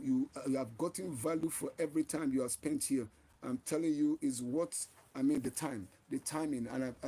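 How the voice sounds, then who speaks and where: A man hosts his own channel in an impassioned, preachy live-stream talk, frequently repeating and restarting phrases. His voice is a little high and warm, with a breathy edge.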